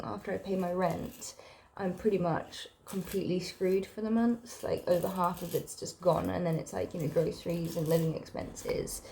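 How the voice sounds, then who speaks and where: A young woman vlogging casually, sick and low, rambling with lots of fillers and sighs. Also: gravelly, mellow, a little hiss or hum. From South Africa. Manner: emotional, rambling, sighing, many fillers. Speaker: book vlogger. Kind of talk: casual personal vlog.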